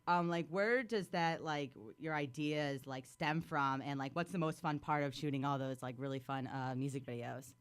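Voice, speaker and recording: A man's voice: a little high, clear, resonant tone. A male radio host asking casual questions with eager reactions and lots of fillers. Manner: enthusiastic, quick reactions, filler-heavy questions. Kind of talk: casual interview.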